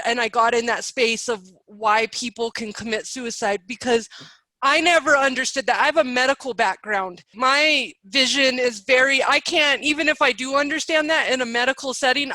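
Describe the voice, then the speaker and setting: A woman's voice: high-pitched, bright, forceful tone, dry recording, poor audio. A woman in her thirties hosting a podcast, talking in an emotional, spiritual, chatty way. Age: 30s. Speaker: podcast host. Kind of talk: casual interview chat.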